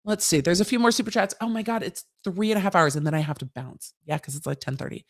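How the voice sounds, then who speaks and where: A woman's voice: lowish voice, fast talker. A woman hosting a legal commentary livestream, answering viewer questions in a chatty, casual way with slangy, sassy asides. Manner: chatty, conversational, with frequent restarts and asides; breezy and sassy, mixing slang into legal talk.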